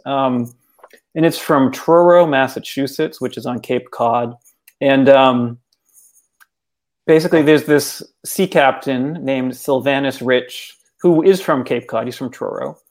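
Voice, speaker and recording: A man, an author and guest, telling a folk tale in casual conversation, animated and full of "like.". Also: medium pitch. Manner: animated, casual, many fillers like "like". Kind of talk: storytelling in conversation.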